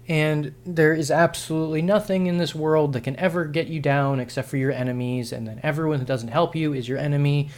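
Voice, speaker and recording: A man's voice: on the high side, steady tone, fairly quick, few pauses, darkish tone. A man vlogging an unscripted opinion monologue, frustrated and sarcastic, rambling with frequent restarts and self-corrections.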